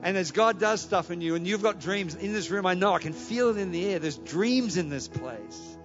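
A man preaches from the pulpit, telling his story with animated energy and then pressing his congregation to act. His voice sits a little high, and it rings with a long reverb through a large hall. The recording sounds muffled and dull. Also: moderate pace, over music. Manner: animated, anecdotal, rising to exhortation. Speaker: pastor. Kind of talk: sermon with storytelling.

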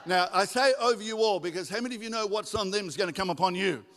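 A man preaching a sermon in a church, animated and joking with the congregation. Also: high-pitched, fast talker. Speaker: guest preacher. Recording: echoey hall with long reverb.

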